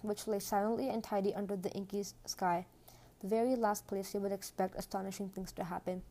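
A woman reading a children's storybook aloud in a gentle, hushed manner. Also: medium pitch. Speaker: audiobook reader. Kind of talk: storybook narration.

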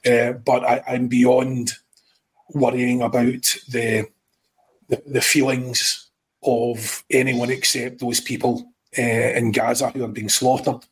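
A man's voice: medium pitch, flat delivery, slow pace, slightly rough, poor audio. A man speaking as a podcast guest, hesitant and full of fillers but firm in his opinions. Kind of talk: casual chat.

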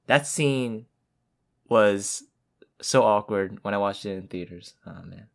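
A man co-hosting a casual podcast chat, enthusiastic and quick to exclaim. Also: lowish voice, vocal fry. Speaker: podcast co-host.

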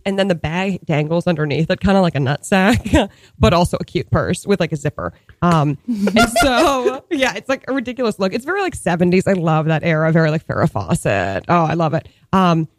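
A woman in her thirties tells a story in a loose, chatty way, leaning on fillers and breaking into laughs. Her pitch swings widely from line to line. The sound is dry and close, with no room echo. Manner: animated, heavy on "like" and "you know" fillers, laughs often. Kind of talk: casual storytelling chat.

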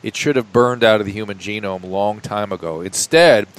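A man on a casual talk show, explaining his own theory at length in a measured way. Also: fairly low pitch, clean tone.

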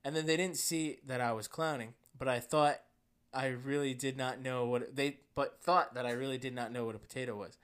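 Podcast co-host, male, New Jersey accent, deadpan storyteller who breaks into laughs, mid-range voice. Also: mid-range voice, brisk, clear, resonant tone. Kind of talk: casual chat, reading a story aloud.

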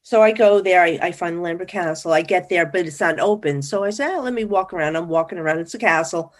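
A woman's voice: on the low side, fast. Chatty woman telling stories. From New Jersey. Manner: animated, acts out quoted dialogue. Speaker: guest psychic. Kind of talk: casual interview storytelling.

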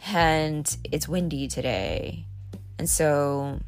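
A podcast host speaks very slowly in a low voice over faint background music, recording on a boat. She rambles through a candid, confessional monologue, dropping fillers and small laughs as she goes.

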